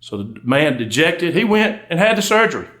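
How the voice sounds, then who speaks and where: An undertaker and storyteller from Georgia spins comic tales on stage for a live audience, drawling folksily and tossing asides to the crowd. His Southern voice is fairly high and bright, sing-song, at a moderate pace.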